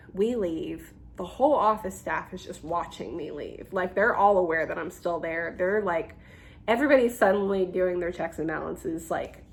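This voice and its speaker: A young woman telling a storytime vlog, animated and full of ums, acting out the people she quotes. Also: fairly low pitch, slight background noise. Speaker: YouTuber. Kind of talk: casual storytime.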